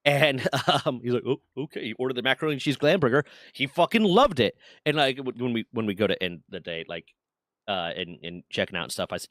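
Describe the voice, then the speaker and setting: With a lowish voice and a fast delivery, a man in his twenties swaps stories on a game stream, cursing a lot and acting out what people said. The sound is clean studio audio without echo.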